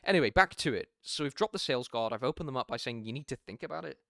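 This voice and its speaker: A man's voice: mid-range voice, expressive, fast, creaky, pushed and bright, no room sound, clean studio sound. A man teaching sales in a casual tutorial, acting out calls with clients and swearing freely. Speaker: sales coach.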